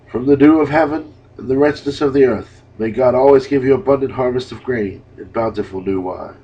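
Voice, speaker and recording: Man voicing an aged patriarch, solemn and slow, husky voice, dull lo-fi sound. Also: mid-range voice, dark tone. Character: aged male patriarch blessing his sons. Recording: dull lo-fi recording.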